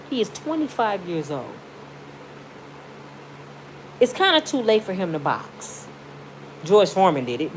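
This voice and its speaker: A woman's voice: medium pitch, slight background noise, poor audio. Outspoken middle-aged woman venting at home. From Michigan. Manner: outspoken, pleading, swings from indignant to tearful. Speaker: YouTuber. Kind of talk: emotional personal vlog rant. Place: lying in bed at home.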